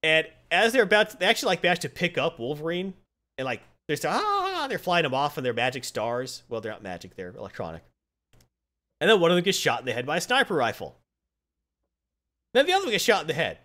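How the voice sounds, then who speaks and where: A man's voice: a little high, very animated, quick pace, bright, forceful tone. A man in casual chat, rambling through a story recap with lots of fillers.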